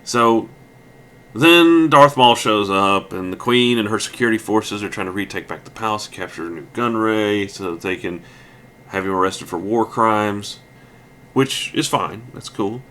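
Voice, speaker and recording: A man's voice: lowish voice, normal speed, bright, forceful tone. A man giving casual, rambling let's play commentary, ranting with lots of fillers and restarts.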